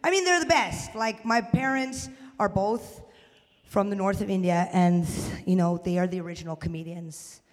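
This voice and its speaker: Woman, stand-up comic, mid-pitch, animated delivery with shouted punchlines, live venue with long reverb. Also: normal speed. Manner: animated, swings into loud shouted bits. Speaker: stand-up comedian. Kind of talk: stand-up comedy set. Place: live comedy venue with audience.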